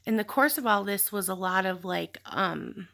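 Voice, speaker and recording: Woman vlogger, personal storytelling, reflective and candid, raspy edge, sharp tone. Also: medium pitch, moderate pace. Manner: candid, reflective, with sighs and fillers. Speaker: vlogger telling her story.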